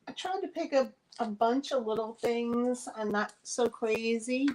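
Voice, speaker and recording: Unhurried New York woman selling vintage. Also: fairly high pitch, a little mellow, low-quality recording. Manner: chatty, friendly, many fillers. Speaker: online vintage seller. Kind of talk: live sale chat. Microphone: phone.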